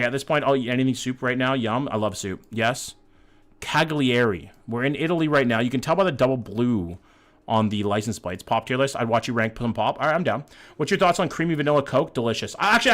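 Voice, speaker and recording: A laid-back male streamer talks through his guesses and reads chat messages out loud. His speech is loose and joking, peppered with swearing, and now and then he breaks into hyped-up shouting. His pitch sits at an ordinary middle height. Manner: bursts of excited hype between calmer musing. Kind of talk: casual live-stream chat while playing a map-guessing game.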